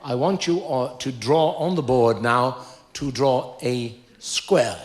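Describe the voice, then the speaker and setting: A man with a Dublin accent playing a stern, plodding male schoolteacher, talking in a slow, deliberate drone. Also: medium pitch, pitched below the performer's own voice, lightly acted. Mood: instructing.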